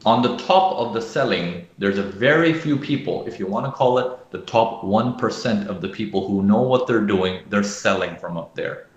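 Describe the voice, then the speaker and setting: A man's voice: fairly low pitch, animated, moderate pace, few pauses, echoey room, muffled recording. A man teaching live trading analysis, who often checks in with "okay?" and acts out panicking traders. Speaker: trading educator.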